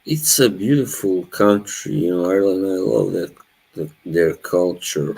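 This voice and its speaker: A man's voice: deep voice, a little slow, gravelly, darkish tone, slightly rough, low-quality recording. A man, chatting casually with his live chat as a streamer, laughing often. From Bosnia. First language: Norwegian. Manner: laid-back, laughs often, chats to viewers.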